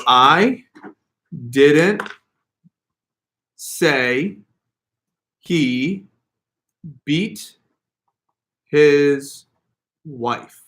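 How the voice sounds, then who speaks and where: In an echoey room, a man leads a sales training workshop in a casual, animated style. He stresses single words to show how emphasis shifts meaning, speaking at medium pitch.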